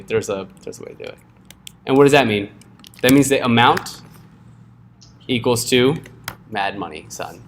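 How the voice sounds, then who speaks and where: A man's voice: mid-range voice, a bit bright, a little hiss or hum. Casual joking coding instructor, man. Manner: casual, joking, checks in with "right?" often. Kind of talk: live classroom coding lesson.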